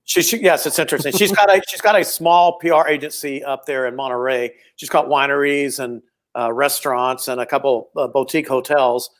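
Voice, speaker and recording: A man hosts a relaxed conversation in a mid-range voice. He rambles from one thought to the next and hands out compliments. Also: mid-range voice, brisk. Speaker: podcast host. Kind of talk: casual chat.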